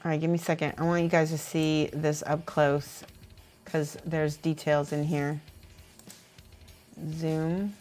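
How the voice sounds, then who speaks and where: A woman livestreaming as she paints miniatures, reading viewer messages aloud and thinking out loud between brushstrokes. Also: deep voice, level tone, measured pace, pauses often, soft background music. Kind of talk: casual livestream chat while painting.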